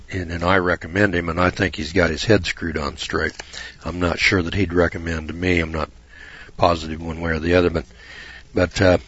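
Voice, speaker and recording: Low husky guy rambling folksy about the bible, dull dry lo-fi sound. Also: fairly bright tone. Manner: folksy, digressive, frequent uh and restarts. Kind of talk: rambling religious talk.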